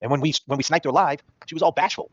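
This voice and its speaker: A man's voice: on the high side, fast, no echo, muffled recording. A man hosting a podcast, ranting at critics in a combative, profane, mocking way. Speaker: podcast host. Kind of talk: ranting talk-show monologue.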